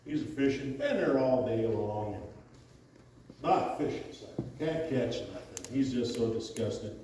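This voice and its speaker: Man as easygoing joke-telling fisherman, very slow delivery; distant stage pickup. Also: mid-range voice, sing-song, mellow. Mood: joking. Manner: drawling storyteller, slow tall tales. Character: folksy male fishing buddy telling jokes. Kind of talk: stage play acting. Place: theater stage. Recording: echoey hall, far from mic, faint noise.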